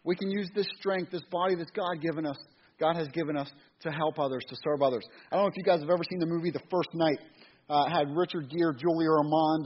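A middle-aged man giving a casual, rambling sermon, restarting and repeating words in a folksy way, on a dull lo-fi recording with faint hiss. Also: a little high. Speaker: church speaker.

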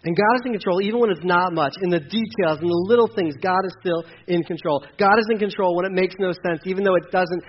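High-voiced man preaching with passion. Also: fast, few pauses, lo-fi sound. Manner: impassioned, acts out voices from the scripture. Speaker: pastor. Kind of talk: sermon.

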